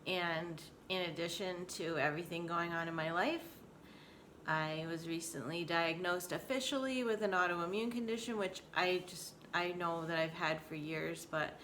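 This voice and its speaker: A woman in her forties talks openly to the camera at home in a casual vlog. Her voice sits a bit low but sounds bright and crisp, and her manner is candid and emotional. A faint hiss sits behind her. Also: normal speed. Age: 40s. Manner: candid, emotional, laughing often. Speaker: vlogger. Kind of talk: casual personal vlog talk.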